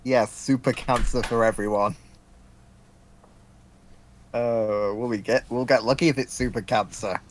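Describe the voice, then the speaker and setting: A man plays in a tabletop game, joking and excitable. His voice sits in the middle range. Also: medium pitch, unhurried, pauses often. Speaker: player. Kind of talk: casual tabletop play.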